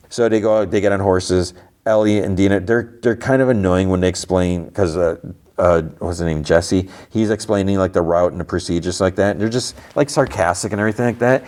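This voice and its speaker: A man's voice: sits low, fairly quick, darkish tone. A man hosting a podcast, casually recapping a TV episode and retelling the characters' lines with plenty of fillers and restarts. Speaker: podcast host.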